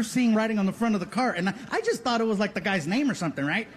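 Man, comic anecdote, high pitch, very lively, noisy recording. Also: racing, few pauses. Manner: animated, laughs through the telling.

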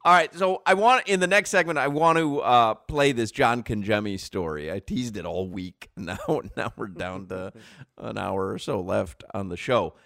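A man hosting a sports talk radio show, telling rambling stories in an animated way and laughing often, on a close studio mic. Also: lowish voice, moderate pace, gravelly, dry recording.

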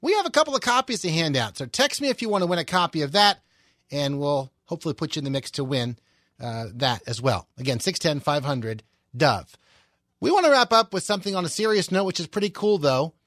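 A man's voice: fairly high pitch, big pitch swings, brisk, a bit bright, no room sound, clean studio sound. A man hosting a radio talk show, casual and upbeat, plugging giveaways and a website between segments. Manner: casual, upbeat promo delivery with fillers. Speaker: radio host.

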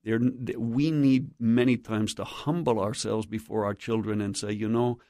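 A man's voice: on the low side, fairly even intonation, moderate pace, dark tone, no echo, clean studio sound. A man teaching in an earnest, preacherly way as a guest on a Christian radio talk show, exhorting listeners directly. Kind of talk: sermon-like teaching.

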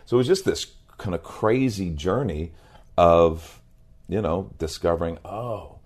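A man who is a pastor, a guest on an interview show, telling a personal story in a lively way and quoting the people in it. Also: low-pitched, measured pace. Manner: lively anecdote teller who quotes others.

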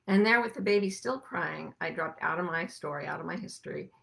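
A woman hosting a reflective spiritual talk to a group, soft-spoken and unhurried, sometimes sinking to hushed whispers. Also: sits low, vocal fry. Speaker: podcast host and teacher.

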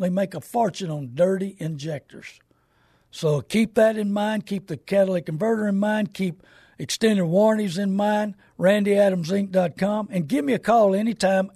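An older man with a drawl hosts a call-in radio show about cars, rambling and selling in a folksy way. His voice sits high and a little husky. It is recorded dry and close. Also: warm tone, dry recording. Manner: folksy, rambling, salesman's pitch. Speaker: radio show host and car dealer. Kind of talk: casual call-in radio talk with plugs.

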